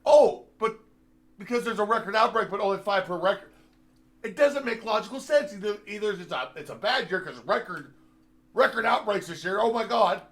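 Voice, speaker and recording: Man, high voice, angry profane rant, sarcastic, rambling, lots of fillers. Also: animated, brisk, fairly bright tone. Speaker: host.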